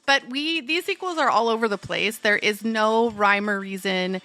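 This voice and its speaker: A woman's voice: mid-range voice, normal speed, pushed and bright, no echo. A woman co-hosting a podcast in casual chat, emphatic and laughing often. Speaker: podcast co-host.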